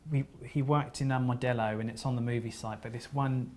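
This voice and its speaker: A man giving a seminar talk, telling stories in an earnest, halting way with frequent restarts and gentle apologies. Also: medium pitch, fairly even intonation. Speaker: seminar speaker.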